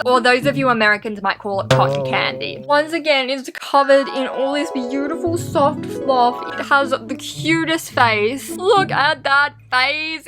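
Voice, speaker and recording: Bubbly high-voiced Australian woman. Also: unhurried, few pauses, over music. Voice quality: high and squeaky when excited. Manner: bubbly, gushing excitement. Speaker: vlogger. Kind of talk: unboxing vlog.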